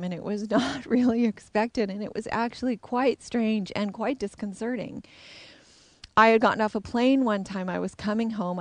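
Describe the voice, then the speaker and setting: A woman's voice: mid-range voice, dry recording. Candid middle-aged woman telling her story. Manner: candid, reflective. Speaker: intuitive, psychic. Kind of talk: personal storytelling.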